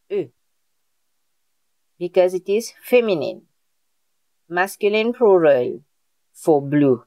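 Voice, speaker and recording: A fairly low, warm-toned woman's voice, recorded dry through a video call microphone, leads a live online class for beginners. French is her first language, and she teaches patiently, repeating points and checking in often with "Okay?"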